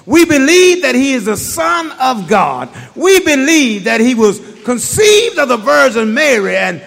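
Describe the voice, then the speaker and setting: A man's voice: very high voice, sing-song, a little slow, vocal fry, few pauses, fairly bright tone. A man preaching an impassioned sermon, calling out and half-singing his lines. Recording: long hall reverb.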